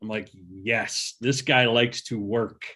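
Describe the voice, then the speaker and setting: A man's voice: fairly low pitch, fairly even intonation, slow pace, pushed and bright. Easygoing male podcast host. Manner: conversational, loose asides, quotes sayings. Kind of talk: casual interview.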